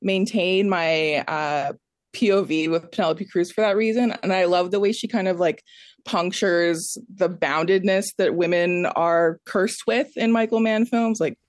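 A woman critic on a podcast, blunt and wry as she tears into a performance. Her voice is mid-pitched, and the recording is dry and close. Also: measured pace, no room sound. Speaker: film critic guest. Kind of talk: podcast discussion.

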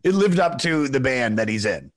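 Male podcast host, relaxed and foul-mouthed, mid pitch, dry booth sound. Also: moderate pace, no echo. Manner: loose, profane, says "dude" a lot. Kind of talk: casual chat.

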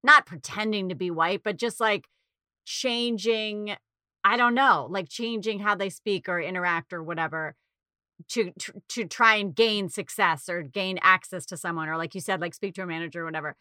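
A woman's voice: mid-range voice, normal speed, sharp tone, clean tone, no echo, clean studio sound. A woman talking casually in a loose, chatty way, with lots of fillers and restarts. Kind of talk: casual chat.

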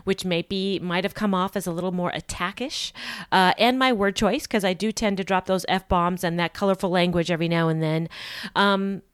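A woman's voice: lowish voice, steady tone, moderate pace, smooth, dry recording, clean studio sound. Blunt, candid woman podcast host. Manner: candid, in-your-face, sarcastic; rambling with frequent ums and restarts. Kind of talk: solo podcast monologue.

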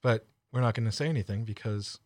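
A man's voice: on the low side, quick pace, no room sound, clean studio sound. Wry, joking podcast co-host, man. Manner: wry, joking deadpan asides. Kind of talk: casual podcast chat.

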